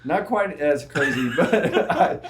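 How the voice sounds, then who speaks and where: A man's voice: a little high, expressive, slow, background noise. A man, a real estate agent, chatting casually and laughing through his stories. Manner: laughs often while telling stories. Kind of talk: casual chat. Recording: echoey room.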